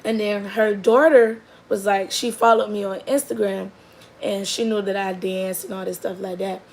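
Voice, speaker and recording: A young woman telling a funny story in a chatty, animated way with quick asides. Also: mid-range voice, slight background noise, rough recording. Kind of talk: casual comedic storytelling.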